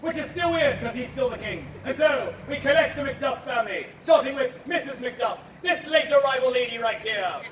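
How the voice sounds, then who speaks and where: A man telling a comic story and directing audience volunteers in a loud, theatrical way at an outdoor festival. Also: extremely high pitch, lively intonation, fairly quick, few pauses. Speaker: street theater performer. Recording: echoey, distant, with crowd noise.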